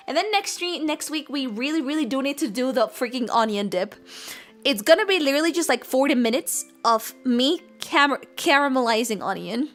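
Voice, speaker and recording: A young woman chatting casually on a cooking stream, rambling and giggling often. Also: sits high.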